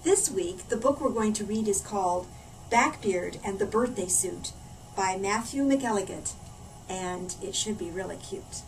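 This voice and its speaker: A woman, a children's librarian, reading a storybook aloud in a playful, animated way. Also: mid-range voice, unhurried. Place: library room. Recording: distant mic, faint room noise.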